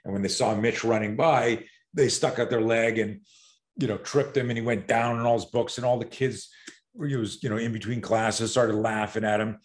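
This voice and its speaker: Brief: man in his sixties, low voice, animated podcast storyteller. Swears freely and acts out the lines of other people. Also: normal speed. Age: 60s. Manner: animated, profane, acts out quotes. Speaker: self-defense expert guest.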